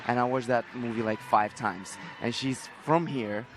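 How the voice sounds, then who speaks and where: A man's voice: mid-range voice, steady tone, measured pace, background noise. A man from Russia with a Russian accent, playful and teasing in casual chat.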